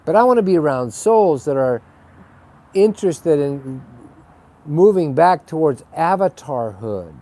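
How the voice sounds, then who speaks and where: Man, fairly high-pitched, rambling, profane, casual spiritual webcast talk. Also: expressive, a little slow, dark tone. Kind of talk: casual spoken monologue.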